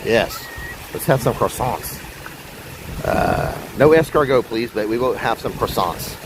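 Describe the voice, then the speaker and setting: A man's voice: medium pitch, sing-song, measured pace. A man live-streaming a stroll outdoors in a theme park, chatting in a rambling way straight to his viewers beside a fountain. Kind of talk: casual live-stream chat. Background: wind and splashing water.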